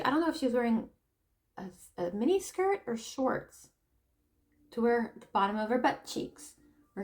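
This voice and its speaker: A woman with a somewhat high voice talks straight to camera in a loose, unscripted monologue. She tells her story with plenty of energy and acts out the people in it. She often breaks off to laugh or throw in a quick aside. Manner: animated storytelling, acting out quoted people. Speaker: tarot reader and spiritual coach. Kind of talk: casual opinion monologue.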